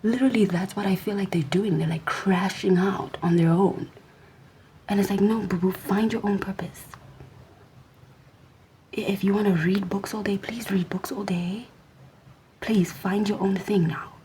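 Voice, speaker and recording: Young woman vlogger, whispered sassy rant, mellow tone, light background hiss. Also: mid-range voice, fairly even intonation, moderate pace, rough recording.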